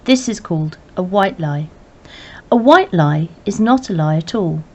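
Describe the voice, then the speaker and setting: A woman reading a novel aloud in plain, measured first-person narration. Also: fairly low pitch, lively intonation, darkish tone. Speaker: reader. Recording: dull lo-fi recording.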